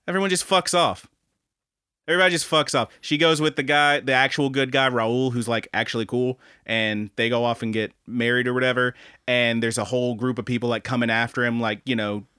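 Animated, profane young man on a podcast. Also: fairly quick, smooth, no room sound, clean studio sound. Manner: animated, profane, acts out quotes in high voices. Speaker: podcast co-host. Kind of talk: casual podcast chat.

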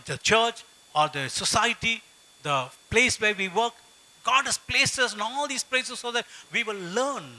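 A man's voice: sits high, bright, forceful tone, low-quality recording. A middle-aged male pastor preaching a sermon, emphatic, repeating phrases and telling stories from his life.

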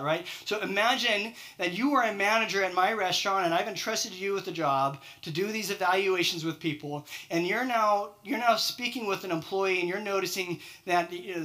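A man's voice: high-pitched, bright, forceful tone. A man preaching a sermon, firing off rhetorical questions and acting out quoted excuses. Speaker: pastor.

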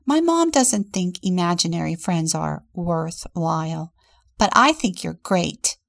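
A woman voicing a bossy, imaginative little girl from a storybook, lively and commanding. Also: lowish voice, a little slow, gravelly, dry recording, studio quality.

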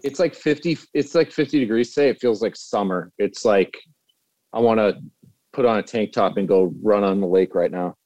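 A man's voice: lowish voice, normal speed, a little mellow, no room sound, dull audio. A man in a casual podcast chat, talking bluntly with emphatic swearing.

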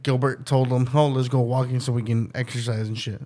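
A man's voice: mid-range voice, level tone, brisk, warm tone. A man hosting a casual podcast, telling a story with lots of swearing and laughter and acting out the voices of the people in it. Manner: profane, laughing, acts out quoted voices. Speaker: podcast host.

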